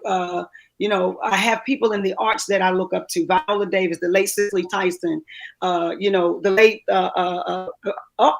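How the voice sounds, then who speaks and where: A woman actress shares a personal testimonial as a guest. She talks in a halting way, full of fillers and restarts, and her voice is close to tears. Her pitch sits in the middle range. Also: a bit bright. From DMV area, US. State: choked up, near tears. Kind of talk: emotional testimonial.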